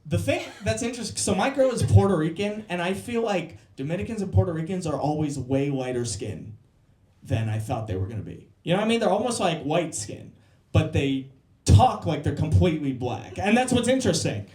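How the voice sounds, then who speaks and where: A man's voice: fairly high pitch, very animated, darkish tone. A man doing a crude, brash stand-up set with crowd work on a club stage. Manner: brash, crude, quick jokes. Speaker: stand-up comedian. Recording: roomy club sound.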